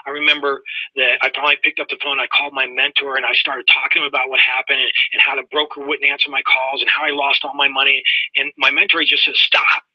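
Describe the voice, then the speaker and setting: A man's voice: medium pitch, little pitch movement, fast, slightly rough, dry recording. A middle-aged man telling a personal story in a webinar in a folksy way, talking straight to his listeners, heard through dull, lo-fi audio. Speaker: webinar presenter.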